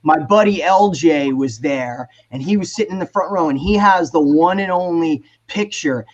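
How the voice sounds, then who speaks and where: A man, telling animated, profane stories as a guest on a video call. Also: fairly high pitch, moderate pace, lo-fi sound. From New Jersey. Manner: animated, profane storyteller, acts out quotes. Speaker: guest musician. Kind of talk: casual storytelling on a video call panel.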